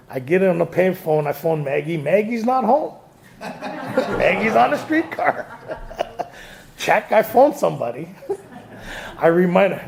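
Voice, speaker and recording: A man's voice: sits high, big pitch swings, slow, creaky, long pauses, a little mellow. A man speaking to a recovery group, telling his story with laughs and acted-out quotes.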